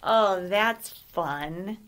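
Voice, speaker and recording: A woman reading a children's story aloud gently, pausing to ask the listener questions. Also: medium pitch.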